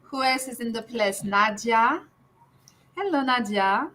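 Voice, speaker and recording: A woman's voice: on the high side, expressive, unhurried, a bit bright, rough recording. A woman hosting a casual livestream panel, upbeat as she greets guests and reads viewer comments aloud. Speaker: livestream host. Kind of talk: casual hosted panel chat.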